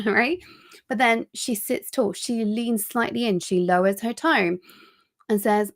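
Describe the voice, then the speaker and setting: A middle-aged woman executive coach giving a live online training in an energetic, coaching way. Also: mid-range voice, a little slow. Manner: energetic, coaching, acts out example phrasings.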